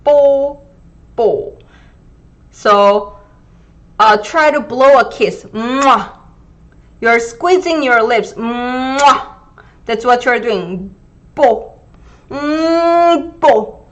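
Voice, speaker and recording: A woman in her thirties with a Gyeongsang Korean accent, teaching a live online language lesson and drilling pronunciation slowly and carefully. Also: fairly high pitch, lively intonation, a bit bright. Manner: slow, careful pronunciation drills, reading viewer comments.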